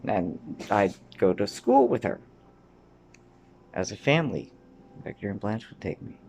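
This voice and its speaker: This Canadian man, in his thirties, reminisces in a wandering monologue that hops between subjects, full of swearing and occasional drops into a mutter or whisper. His lowish, gravelly voice has a darkish, slightly rough tone, swings hugely in pitch, and moves at a measured pace.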